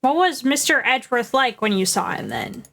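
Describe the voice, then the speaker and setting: A woman reading as an earnest young male defense lawyer from a courtroom game, questioning witnesses in a plain, slightly hesitant way. Her voice sits on the higher side. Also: huge pitch swings, moderate pace, creaky, a bit bright, exaggerated voice.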